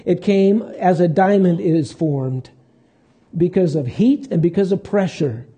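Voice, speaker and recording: Husky, dark-toned male preacher. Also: high-pitched. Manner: conversational preaching with pauses and restarts. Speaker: pastor. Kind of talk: sermon.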